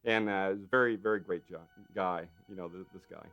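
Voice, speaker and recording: A man, a special effects artist, telling lively stories in an interview, acting out the quotes and tagging lines with "right?". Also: sits low, normal speed, phone-quality sound, faint music behind. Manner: lively storyteller who acts out quotes; frequent fillers and tag questions. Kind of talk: anecdotal interview.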